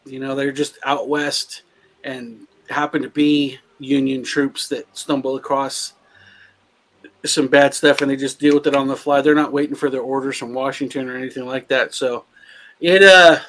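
A man co-hosting a casual movie podcast, talking in an animated, profane way. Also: medium pitch, moderate pace. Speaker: podcast co-host.

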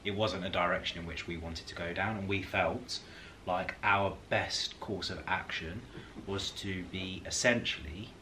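A man's voice: low voice, sharp tone, slight background noise. A man casually chatting with his wife in a couple Q&A video, joking and laughing. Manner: laughs often, jokey and self-mocking. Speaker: vlog host. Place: home.

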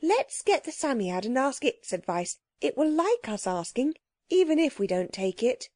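A woman's voice: sits high, very animated, moderate pace, a little mellow, dry recording, pitched above the performer's own voice. A woman voicing a young girl who speaks eagerly and sweetly. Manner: eager, chirpy.

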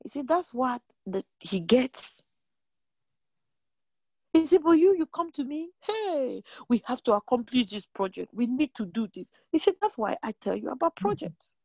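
A woman preaching a sermon, animated and emphatic, repeating lines and jumping in pitch. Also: moderate pace, no echo.

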